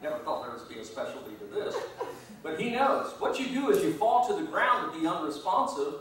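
A man's voice: a little high, big pitch swings, brisk, a bit bright, recorded from a distance. Chuckling man telling a story in an echoey room. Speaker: guest speaker. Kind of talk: anecdotal storytelling to a meeting. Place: meeting hall.

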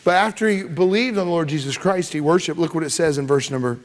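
A man preaching a sermon as pastor, emphatic and repetitive, swinging from loud rises to soft drops. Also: a little high, quick pace. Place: church sanctuary.

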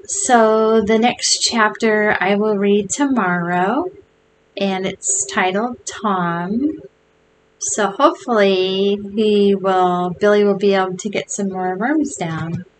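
A woman's voice: medium pitch, slight background noise, low-quality recording. A woman reading a children's novel aloud for her video viewers. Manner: slow, deliberate reading.

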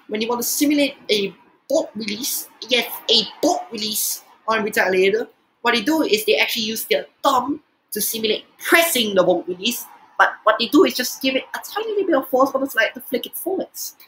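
A man giving profane, exasperated reaction commentary, swearing often and jumping in pitch. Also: lively intonation, fairly quick, sharp tone, slight background noise, low-quality recording. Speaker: reaction video host.

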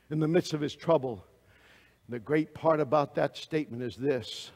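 A man preaching a sermon to a congregation, asking them direct questions and swinging between loud exclamations and hushed asides. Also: fairly high pitch, normal speed, long reverb tail.

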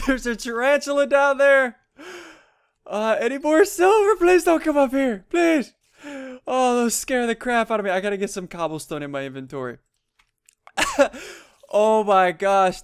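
A young man giving excitable, jumpy gameplay commentary, laughing often and yelping when startled. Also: high voice, smooth. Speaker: gaming YouTuber. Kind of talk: Let's Play commentary.

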